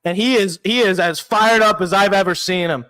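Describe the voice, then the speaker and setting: A young man hosting a sports show, calling a live game play by play as a fan and reacting loudly, often shouting in disbelief. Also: high-pitched, normal speed. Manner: excitable, shouting and anguished at big plays. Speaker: sports podcast host.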